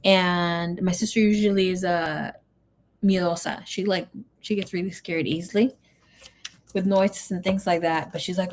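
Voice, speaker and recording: Chatting on a live stream, a woman who reads tarot reads viewers' comments aloud, her English sprinkled with Spanish words. Her voice is fairly low and fairly even in intonation, at a normal speed, and she sounds emotional, as if grieving. Slight background noise is present.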